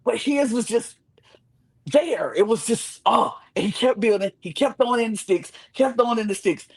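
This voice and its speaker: A man, chatting on a podcast about a reality show. He retells the action with dramatic acted-out reactions, and his voice swings from low mutters to sudden high cries. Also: moderate pace, vocal fry, breathy edge. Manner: animated, acts out reactions with big pitch swings. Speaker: podcast co-host. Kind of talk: casual reality-TV recap chat.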